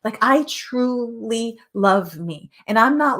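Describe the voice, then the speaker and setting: A woman hosting a show, speaking earnestly and emphatically in a motivational spiritual talk, repeating phrases and sometimes dropping to a soft whisper. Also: a little high, lively intonation, slow pace. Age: adult with children.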